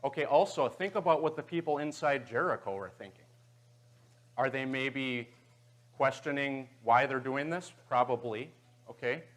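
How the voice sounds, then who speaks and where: A man teaching a Bible class, his voice at an ordinary middle pitch. He walks the room through the story and keeps checking in with a quick "okay" or "right." He is speaking in a church auditorium.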